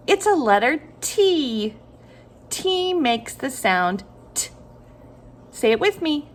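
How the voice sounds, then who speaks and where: Slow, lively-voiced woman teaching phonics. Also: high voice. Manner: slow, sing-song, encouraging prompts with pauses. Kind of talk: phonics lesson for young children.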